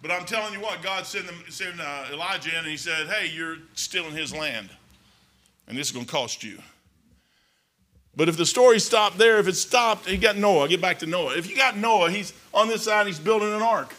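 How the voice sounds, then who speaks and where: High, bright-voiced preacher. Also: male voice, a little fast, hardly any pauses. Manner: rambling, conversational, emphatic. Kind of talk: folksy sermon. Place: church.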